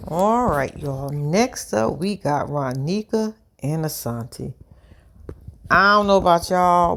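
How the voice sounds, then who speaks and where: A woman doing casual reaction commentary on a reality show, blunt and profane, telling the story excitably. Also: lowish voice. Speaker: reality TV recap vlogger.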